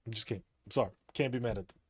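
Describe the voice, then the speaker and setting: A man's voice: medium pitch, rapid-fire, husky, dry recording. A man talking casually as a streamer, rambling, repeating himself and laughing often. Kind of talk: casual monologue.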